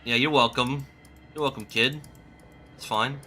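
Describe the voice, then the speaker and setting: A man's voice: mid-range voice, steady tone, measured pace, pushed and bright. A young adult man streaming a game with casual commentary, loose, joking and profane. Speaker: gaming streamer.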